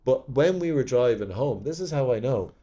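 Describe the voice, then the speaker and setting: A man's voice: mid-range voice, expressive, moderate pace, warm tone. A man, an actor and podcast guest, telling rambling stories from his career in casual chat, swearing freely. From Ireland. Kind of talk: casual anecdotes.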